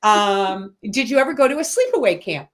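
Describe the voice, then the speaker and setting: A woman's voice: mid-range voice, lively intonation, normal speed. A woman from Massachusetts hosting a casual online chat, laughing often and filling gaps with "um". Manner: chatty, laughs often, many "um" fillers. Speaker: host. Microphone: online video call.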